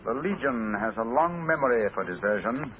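An actor playing a clever, self-assured male detective in a 1940s radio drama, speaking crisply and deliberately. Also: mid-range voice, animated, close to an everyday voice. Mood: calm. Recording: tinny old radio broadcast, faint hiss.

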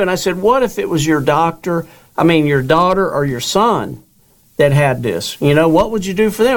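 A man's voice: on the high side, animated, moderate pace. An older man, a guest author, telling his own story in an interview and acting out the dialogue he quotes.

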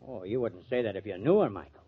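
An actor playing a glib, fast-talking press agent in a 1940s radio drama. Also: male voice, fairly low pitch, expressive, husky. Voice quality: glib, coaxing. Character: breezy, fast-talking male press agent, young adult. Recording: muffled old radio recording.

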